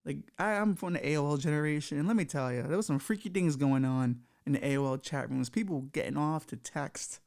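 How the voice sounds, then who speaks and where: Middle-aged male podcast host, raspy fry on a higher voice, crude and self-mocking, loose comic rambling. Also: a little fast, hardly any pauses, a little mellow. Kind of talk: casual comedic monologue.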